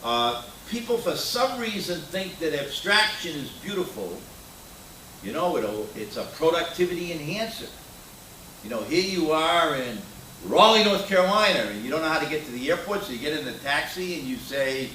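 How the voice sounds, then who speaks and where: A man's voice: fairly high pitch, expressive, normal speed, sharp tone, a little hiss or hum. An older man giving a conference keynote, opinionated and anecdotal, with frequent filler words. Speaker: keynote speaker. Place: conference hall. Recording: roomy hall sound from a distant mic.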